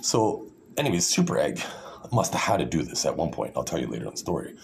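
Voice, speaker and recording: Deep gravelly man ranting sarcastically. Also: sing-song, fast, slight background noise. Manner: sarcastic, condescending, full of fillers and restarts. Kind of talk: rambling monologue.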